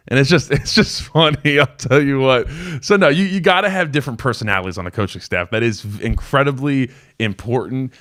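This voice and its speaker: A man's voice: on the low side, brisk, fairly bright tone, clean tone. Young guy hosting a football call-in show, talks loose and rambly, lots of likes and you knows. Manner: casual, rambling storyteller with many fillers. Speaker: show host, former college football player. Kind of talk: live call-in sports talk.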